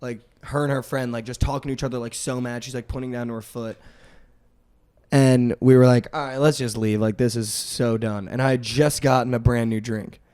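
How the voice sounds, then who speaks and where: A man's voice: mid-range voice, steady tone, clean tone. A young man telling a rambling party story on a podcast, peppering every phrase with "like". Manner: rambling, heavy use of "like", quick swings in loudness. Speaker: podcast host. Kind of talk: casual storytelling chat.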